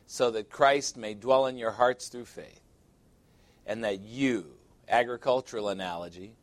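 A male pastor with a lowish voice gives an emphatic sermon, alternating between reading scripture aloud, explaining it, and directly addressing the congregation.

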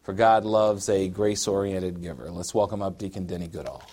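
Man, pastor, lowish voice, steady formal church announcements. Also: normal speed. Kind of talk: church announcements and offering call.

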